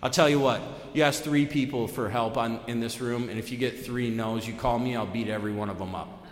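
A man speaks at a recovery meeting, telling his own story in a loose, conversational way with plenty of "you know" and "like." His voice sits mid-range and leaps up when he gets excited. The sound is roomy with a long hall reverb. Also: a little fast. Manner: lively storytelling with big pitch swings, many fillers. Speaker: AA main speaker. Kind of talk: personal recovery talk at a meeting. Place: meeting room.

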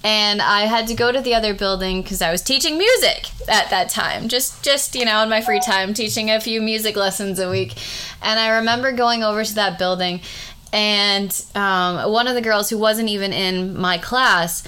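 Woman, middle-aged, school principal, bright crisp voice, heartfelt casual talk. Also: mid-range voice, moderate pace. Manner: heartfelt, rambling with restarts. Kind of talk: casual conversation.

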